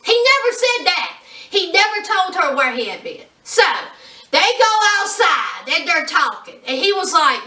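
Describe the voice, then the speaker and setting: A sassy woman, talking high and bright as she recaps a reality show for her channel. She is animated and plays out each person she quotes. Her voice rings in an echoey room, a little off the mic. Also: normal speed, distant mic. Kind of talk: casual chat.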